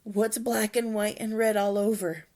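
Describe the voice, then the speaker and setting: A woman voicing a small, clever Viking boy hero who speaks brightly and eagerly in a read-aloud story. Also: medium pitch, flat delivery, a little slow, pitched above the performer's own voice, close to an everyday voice.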